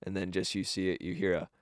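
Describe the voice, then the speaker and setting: A man's voice: sits low, no echo, studio quality. A man narrating a tabletop game as game master, rambling and correcting himself with many fillers.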